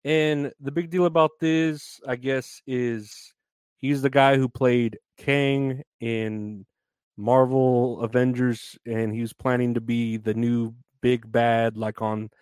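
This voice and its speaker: A man's voice: medium pitch, little pitch movement, slow pace, darkish tone, clear, resonant tone, dry recording. Solo podcast host, male, loose and self-mocking, recorded dry and close. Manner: rambling, filler-heavy, self-mocking. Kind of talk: casual solo podcast chat.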